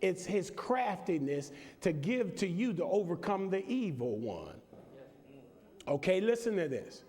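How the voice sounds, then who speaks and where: A man's voice: high voice, very animated, measured pace, mellow. A middle-aged man preaching a sermon, leading call-and-response and joking with the congregation. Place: large church. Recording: long church reverb, congregation behind.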